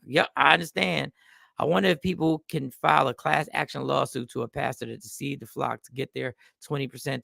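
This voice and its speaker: A man's voice: a little high, gravelly, bright, forceful tone, no room sound, studio quality. A man hosting a talk show, giving emphatic casual commentary straight to his viewers.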